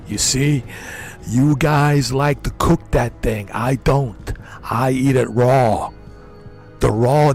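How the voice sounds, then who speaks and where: A man doing an impression of a boastful, macho older ex-governor who brags slowly and taunts his listener. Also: mid-range voice, vocal fry. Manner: slow, swaggering macho bragging.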